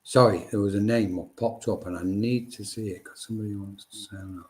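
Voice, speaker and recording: A man's voice: lowish voice, steady tone, a little fast. Chatty male medium on a live stream. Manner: chatty and reassuring, addressing viewers by name. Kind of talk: live-streamed spirit reading.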